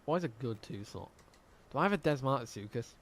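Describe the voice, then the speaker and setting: A man's voice: medium pitch, expressive, brisk. A man streaming a dinosaur game, chatting casually with viewers, reading out chat and swearing often.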